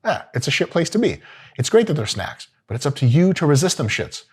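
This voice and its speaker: A man in middle age gives diet advice in a blunt, profane, comedic way. He swings between deadpan asides and bursts of mock outrage as he riffs. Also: fairly high pitch, brisk, breathy edge. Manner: brash, swearing, jokey, swings into mock outrage. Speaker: host.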